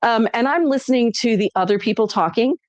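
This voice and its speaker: A woman co-hosting a casual live stream, animated and acting out what people say. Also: a little high, a little fast, no room sound, lo-fi sound. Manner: animated, acts out quotes. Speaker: shop live-stream co-host.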